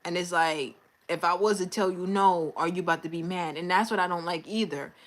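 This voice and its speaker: Speaking fairly quickly in a lowish voice, a young woman hosts a casual livestream where she talks openly and vents in an easygoing, conversational way.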